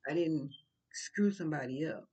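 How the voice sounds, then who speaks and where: A woman's voice: low-pitched, normal speed, dark tone, husky. An older woman giving casual, preachy commentary, blunt and full of rhetorical questions. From St. Louis.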